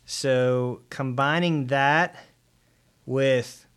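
Male podcast co-host, slow and hesitant picks. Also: medium pitch, steady tone, fairly bright tone, clean tone. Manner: hesitant, drawn out. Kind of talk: casual sports betting chat.

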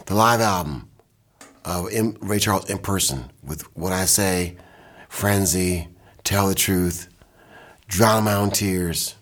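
An older man from Michigan with a very deep, husky voice tells animated stories. He speaks in quick bursts and casual talk, from an indoor recording studio. He sounds like a seasoned music producer. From Michigan, USA. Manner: animated anecdotes, quick bursts, mimics and scats.

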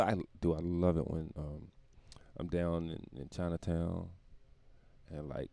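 A man's voice: low-pitched, fairly even intonation, a little slow, gravelly, pauses often, mellow, no echo. A man hosting his own podcast, rambling through a profane comedic monologue and laughing at his own jokes. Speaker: podcast host.

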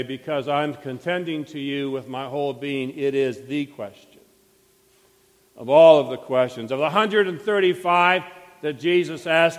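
High-voiced pastor preaching in a reverberant hall. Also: male voice. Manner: dramatic retelling with acted quotes. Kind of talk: sermon. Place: church sanctuary.

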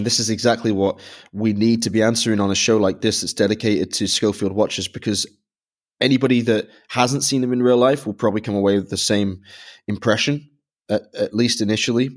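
A man's voice: lowish voice, steady tone, fairly quick. A man from Britain co-hosting a podcast, explaining a product review in methodical detail. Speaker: podcast co-host.

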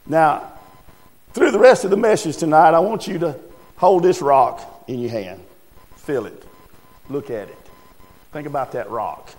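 A preacher giving a folksy, unhurried storytelling sermon. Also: male voice, a little high, a little mellow. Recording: echoey hall, faint music.

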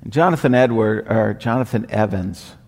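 A man preaching a sermon with slow, deliberate emphatic repetition. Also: on the low side, creaky, darkish tone. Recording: long hall reverb.

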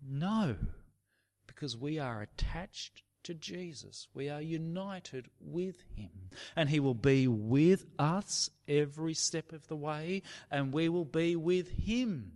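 A man delivers a sermon at an unhurried pace, his pitch rising and falling with lively emphasis. He leans on key words and sometimes sinks to a hush. His voice rings with the long reverb of a large hall. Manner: slow, emphatic preaching with dramatic drops to a hush. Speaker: preacher.

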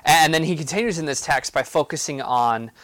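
A man's voice: fairly high pitch, a little fast, fairly bright tone, no room sound. A man giving a casual, explanatory Bible teaching on a podcast, with frequent fillers and restarts. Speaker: campus ministry podcast teacher.

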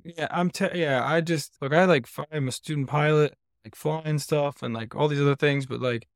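A man's voice: fairly high pitch, normal speed, no echo, clean studio sound. A man hosting a casual podcast interview over a call, joking easily with his guest. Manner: jokey, easygoing. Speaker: podcast host. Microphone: remote call.

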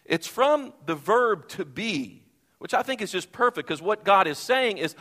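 A man preaching a sermon from the pulpit, expressive, acting out the Bible quotes he tells. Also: on the high side, unhurried. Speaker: pastor. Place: church sanctuary. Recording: long reverb of a church hall.

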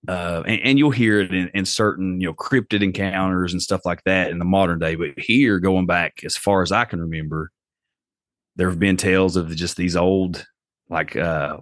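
A man's voice: deep voice, dry recording, clean studio sound. A man, telling a story casually as a podcast guest and acting out the voices he quotes.

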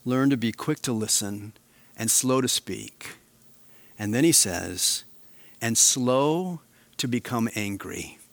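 A male pastor preaching a sermon, swinging between quiet, slow emphasis and animated, raised passages. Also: medium pitch, no echo.

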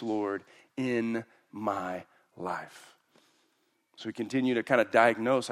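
A man preaching a sermon as pastor, acting out quoted voices with big jumps in pitch.

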